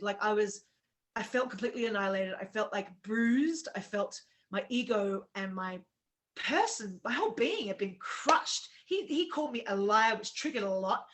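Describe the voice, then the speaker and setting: Woman co-host, casual chat, emotional storyteller who acts out quotes; bright, forceful tone. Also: on the high side.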